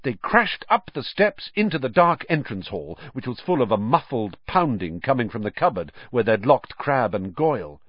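A man narrating an audiobook with a vivid, expressive reading. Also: mid-range voice, normal speed, hardly any pauses, no room sound, lo-fi sound.

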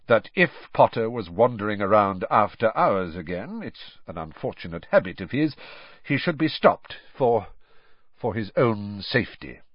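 A man's voice: lowish voice, big pitch swings, moderate pace, no echo. A man playing a cold, sneering professor in an audiobook, snarling and clipped, with suspicion in every line. The recording sounds slightly dull and dry. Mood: forced calm.

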